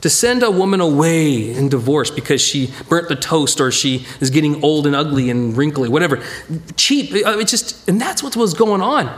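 A middle-aged man preaching a Bible study, his voice pitched high and swinging widely up and down. He talks conversationally and acts out little quotes as he teaches. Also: lively intonation, moderate pace. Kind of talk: sermon.

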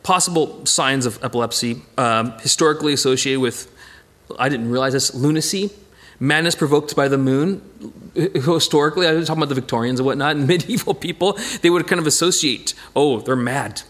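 In a fairly high voice and at a slightly fast pace, a man leads an informal Bible study with slides. He talks conversationally and animatedly, restarting often and breaking into emphatic bursts.

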